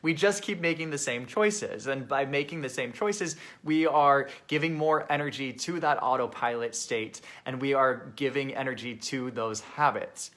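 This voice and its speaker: A man's voice: mid-range voice, moderate pace, few pauses, a bit bright. A man who is a life coach, hosting his own live online show and talking earnestly and reflectively to viewers. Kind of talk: casual direct-to-camera live talk.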